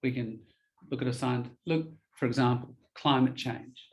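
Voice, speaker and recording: A man teaching English in a relaxed one-on-one lesson, explaining ideas patiently and spelling words out. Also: medium pitch, normal speed, rough recording.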